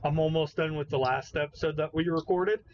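A man co-hosting a casual podcast, excitable and prone to swearing and exclaiming in disbelief, on a slightly muffled recording with faint noise. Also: a little high, brisk. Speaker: podcast co-host. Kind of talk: casual chat.

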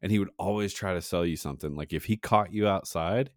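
A man's voice: deep voice, fast talker, no room sound, clean studio sound. A young man co-hosting a podcast, telling rambling funny stories and laughing often. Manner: rambling storyteller, mocks ad voices, laughs often. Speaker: podcast co-host. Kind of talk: casual comedic chat.

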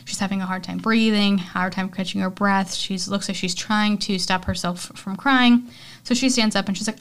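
A woman's voice: medium pitch, steady tone, normal speed. A woman hosting a podcast, casually retelling a film's plot in a chatty way with lots of fillers and quoted dialogue. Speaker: podcast host. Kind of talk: casual movie recap.

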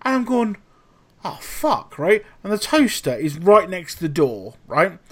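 Animated man telling stories. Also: high voice, moderate pace. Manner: animated storytelling, heavy swearing. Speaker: podcast host. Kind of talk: casual chat.

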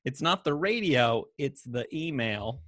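A man's voice: mid-range voice, lively intonation, measured pace, a bit bright, no room sound, studio quality. A man co-hosting a casual movie chat who laughs often and mimics voices animatedly. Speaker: podcast co-host.

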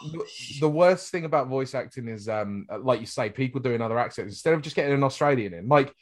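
A man's voice: mid-range voice, expressive, fast. A British man hosting a podcast, chatting casually and animatedly, laughing often. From Britain. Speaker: podcast host. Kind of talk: casual chat.

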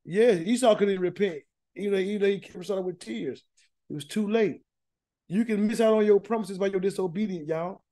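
Male Bible teacher, high voice, dry close sound, folksy and emphatic, repeats himself. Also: fairly quick, warm tone, dry recording. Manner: folksy, emphatic preaching with many repeated words. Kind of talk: informal Bible study teaching.

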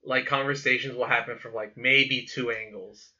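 A man's voice: medium pitch, steady tone, bright, forceful tone. A young man chatting casually about movies, rambling and swearing as he explains. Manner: rambling, profane, drawn-out explanations. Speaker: podcast co-host. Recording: dull lo-fi sound.

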